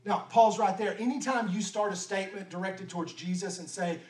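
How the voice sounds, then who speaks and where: A man preaching in a relaxed, conversational way, leaning on rhetorical questions. His voice sits high. The sound is roomy and picked up from a distance. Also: fairly quick. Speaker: pastor. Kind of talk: sermon. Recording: echoey room from far off.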